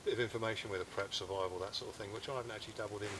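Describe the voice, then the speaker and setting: A middle-aged British man hosting an outdoors channel, talking in an easygoing, relaxed way from a hammock in the woods. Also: fairly low pitch, racing, noisy background. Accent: British English. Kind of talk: casual chat to camera.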